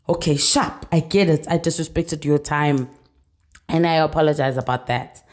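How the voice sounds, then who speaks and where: A woman's voice: low voice, expressive, unhurried. A young South African woman with a South African accent, chatting in a casual storytime vlog. She mixes Zulu phrases into her English and keeps checking in with the viewer. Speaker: vlogger.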